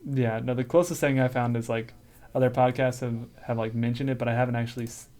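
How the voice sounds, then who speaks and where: A man's voice: medium pitch, steady tone, fast, a little mellow. A man co-hosting a casual podcast, reading out notes and joking with his co-host, laughing often. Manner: laughs often, reads source notes aloud between jokes. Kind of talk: casual chat.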